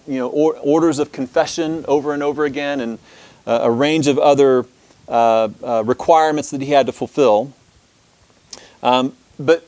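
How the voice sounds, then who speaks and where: A man's voice: mid-range voice, no echo. A man teaching a church history lesson, who talks with many restarts and fillers and reads long passages aloud.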